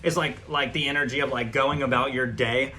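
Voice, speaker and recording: A man's voice: mid-range voice, fairly even intonation, fairly quick, bright, forceful tone, a little hiss or hum. A man giving a casual tarot reading, talking loosely and swearing often, with many fillers and restarts. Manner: loose and profane, heavy with fillers. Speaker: tarot reader.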